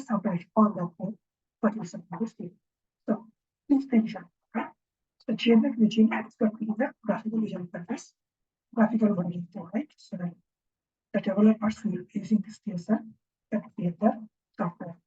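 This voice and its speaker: A woman instructor talks through a lesson in a breathy, husky voice with a dark, mellow tone. She thinks aloud as she goes, pausing and checking in with the class. The recording is dull and lo-fi. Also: mid-range voice. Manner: halting, thinking aloud, often ends points with a questioning "right?". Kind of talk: informal recorded lecture.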